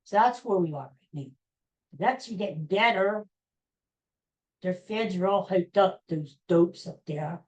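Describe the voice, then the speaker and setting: A woman's voice: on the low side, a little slow, poor audio. A woman hosting a podcast, delivering an exasperated, sarcastic solo sports rant. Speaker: podcast host.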